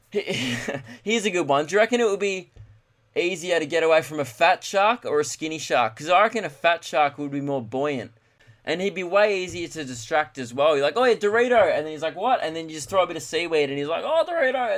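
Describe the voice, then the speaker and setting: A young Australian man, a comedian rambling through a solo podcast monologue, ranting and dropping into quick mock voices. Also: a little high, fairly bright tone.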